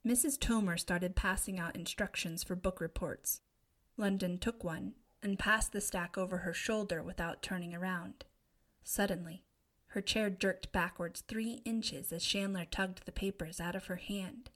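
A woman reading a young adult novel aloud as narrator, steady and expressive. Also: lowish voice, measured pace. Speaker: audiobook narrator. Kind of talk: scripted narration.

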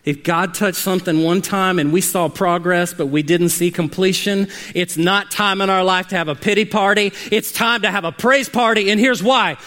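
Man, preacher, high voice, bright tone, dynamic sermon delivery, swings from hushed to shouting. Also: steady tone, moderate pace, few pauses. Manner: dynamic storytelling, rising to shouts at climaxes.

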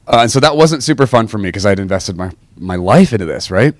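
A young man casually telling a personal faith story to listeners, animated and self-mocking, often checking in with "right?". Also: fairly low pitch, brisk, no echo.

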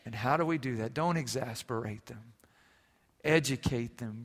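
A man preaching a sermon as pastor, swinging from loud emphasis to quiet, intimate passages. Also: mid-range voice, normal speed. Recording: long reverb of a large hall.

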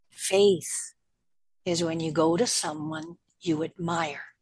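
Speaking low and unhurried with a breathy edge, this older prairie Canadian woman is a guest sharing personal stories casually. She performs the voices of people she quotes with lots of animation. The recording has no room sound.

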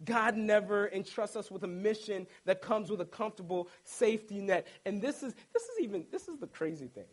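Pastor, male, high voice, animated and humorous storytelling in a sermon. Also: a little fast, hardly any pauses, low-quality recording.

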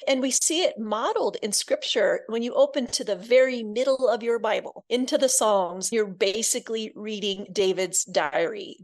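A woman from Iowa speaks as a podcast guest, telling her faith story with earnest, heartfelt warmth. Her voice sits at a middling pitch, and she drops softer and quieter when she turns intimate. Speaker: guest author.

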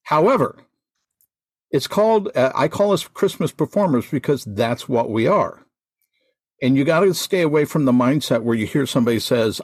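A man's voice: medium pitch, lively intonation, moderate pace, husky, dry recording. An American man who teaches Santa performers, giving emphatic, teacherly advice on a podcast and repeating his points. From United States. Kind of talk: instructive podcast talk.

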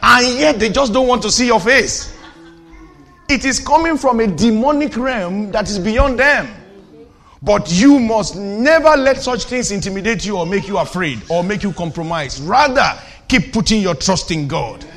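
A man preacher delivering a fervent sermon, asking the audience questions and building to shouted declarations. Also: sits high, animated, moderate pace. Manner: teasing, asks the audience questions.

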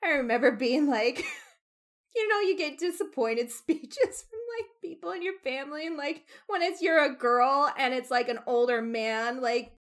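A young woman co-hosting a casual book discussion podcast, animated and full of "like", raising her voice when upset. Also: sits high, moderate pace. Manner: animated, frequent "like", gets loud when upset.

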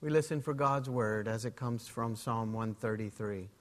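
A man preaching a sermon as pastor in a church, in a measured way. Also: mid-range voice, long reverb tail.

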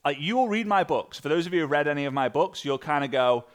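A man coaching an online audience on sales messaging, energetic and animated, acting out sample messages. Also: fast talker. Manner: energetic, with big jumps in pitch and loudness; acts out sample messages in different voices. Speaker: sales and network marketing coach.

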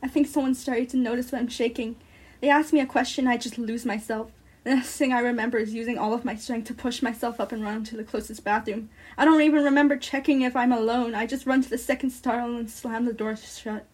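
A woman's voice: on the high side, steady tone, a little fast, a little mellow, husky. A young woman reading a first-person short story aloud in an earnest, breathless way. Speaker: student reader.

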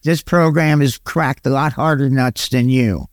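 A man's voice: measured pace, no room sound, studio quality. A middle-aged man telling his recovery story in a folksy, self-mocking way and often laughing at himself. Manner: folksy, self-mocking, quotes sayings in a deeper voice. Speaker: guest. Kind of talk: candid storytelling about recovery.

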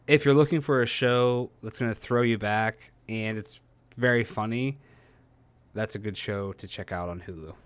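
A man co-hosting a podcast in casual chat, animated, swearing and laughing hard as he retells scenes. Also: on the low side, moderate pace, clean tone, dry recording. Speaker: podcast co-host.

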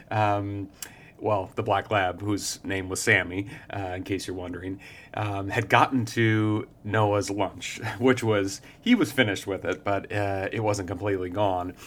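A man, hosting a reflective spiritual podcast and telling a story in a gentle, chatty way with fillers and soft laughs. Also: on the low side. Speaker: podcast host.

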